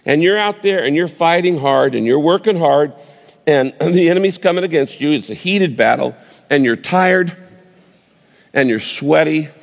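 A male pastor delivers a sermon as vivid storytelling, breaking off and restarting as he builds the scene. His voice sits fairly high for a man, and long reverb trails each phrase as in a large hall. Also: normal speed, vocal fry.

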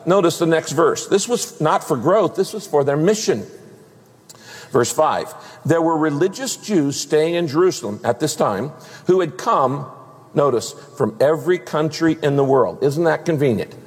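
A male pastor delivering a lively sermon, acting out the voices of the people he quotes. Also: a little high, normal speed, husky. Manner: animated preaching, acts out quoted voices. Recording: long hall reverb.

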